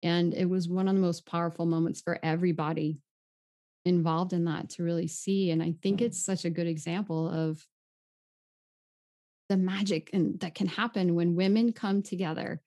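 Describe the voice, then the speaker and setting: A woman who leads retreats, a guest telling a story in an earnest, gentle way. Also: on the low side, fairly even intonation, normal speed. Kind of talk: conversational storytelling.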